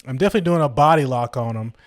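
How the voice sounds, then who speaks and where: A man vlogging, telling a story casually in animated, slangy talk and acting out the people he quotes. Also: mid-range voice, racing, no echo, clean studio sound.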